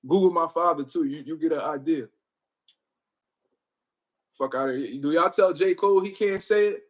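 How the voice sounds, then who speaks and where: A man hosting a livestream, talking casually with heavy profanity and animated storytelling. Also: on the high side, fast talker. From Puerto Rico. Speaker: livestream host.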